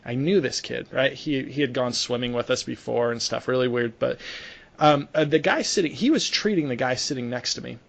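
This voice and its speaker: A young sports medicine clinician chats casually on a podcast, telling a story full of restarts and fillers. His mid-range voice is creaky and a little fast.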